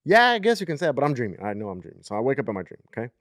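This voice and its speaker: A man's voice: medium pitch, sing-song, very fast, fairly bright tone, no echo, studio quality. A man in his thirties co-hosting a podcast, telling a story in a rambling, casual way with many "like"s and "okay?"s. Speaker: podcast co-host.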